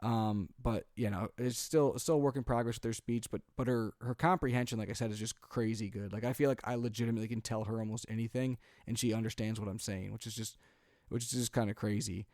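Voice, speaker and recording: With a lowish voice and a quick pace, a podcast co-host in his thirties, himself a dad, animatedly relates a long family story. He performs the quoted lines and fills silences with "um" and "like." The recording is dry and studio quality.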